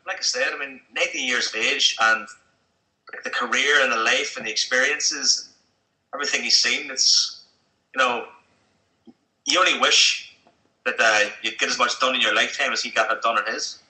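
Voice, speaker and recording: Hesitant man, bright and echoey. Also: medium pitch, normal speed, long pauses. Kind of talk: casual chat. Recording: roomy echo.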